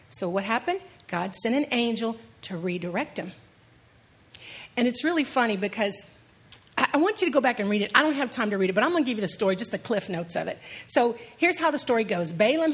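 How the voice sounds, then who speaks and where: Husky-voiced woman preaching with animated storytelling. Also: a little high. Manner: animated storytelling, laughing as she tells it. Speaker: pastor. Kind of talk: sermon.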